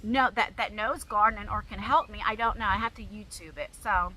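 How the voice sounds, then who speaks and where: A woman's voice: medium pitch, brisk, pushed and bright, a little hiss or hum. A woman vlogger answering viewer questions in a casual, rambling chat full of fillers. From New Jersey, US. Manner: chatty, rambling, frequent fillers. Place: at home.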